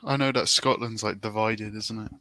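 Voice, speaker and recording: A man's voice: fairly low pitch, steady tone, normal speed, sharp tone, no echo. A man speaking bluntly and with strong opinions in a casual livestream chat.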